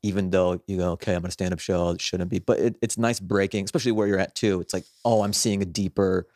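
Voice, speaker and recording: A man, a comedian guest on a podcast, talking in relaxed, wry, casual banter. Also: low voice, fast talker, dry recording, clean studio sound.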